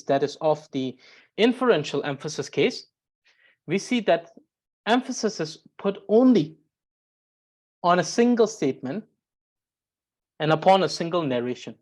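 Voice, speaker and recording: A woman with a fairly low voice lectures on grammar in an unhurried, careful way. She circles back to restate each point and pauses with small fillers as she thinks. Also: lively intonation, darkish tone. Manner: careful, repeats and rephrases points, frequent "uh". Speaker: Tibetan grammar teacher.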